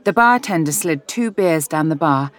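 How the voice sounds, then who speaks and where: An audiobook narrator reading a romance novel in an even, measured storytelling voice. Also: medium pitch.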